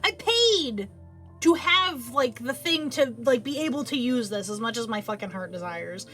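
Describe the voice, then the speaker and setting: A woman chats on a late-night livestream from her home setup, rambling loosely and swearing without a second thought. Her voice sits a little high and bounces widely in pitch, speaking close into a boom arm mic. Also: expressive, moderate pace, fairly bright tone, soft background music. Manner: rambling, chatty, swears casually. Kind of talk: casual late-night stream chat.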